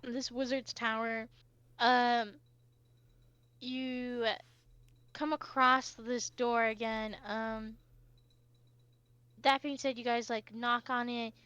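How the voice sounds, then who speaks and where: A woman narrating as game master of a tabletop game, with lots of fillers and hesitant pauses. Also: fairly high pitch, level tone, a bit bright, clean tone, no room sound, dull audio.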